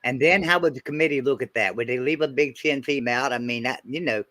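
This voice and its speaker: A bright, forward-sounding man hosting a laid-back sports chat. He thinks aloud in an easy, relaxed way and thanks viewers as he goes. His voice sounds dry and close, with no room echo. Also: mid-range voice, a little fast. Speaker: show host reading super chats.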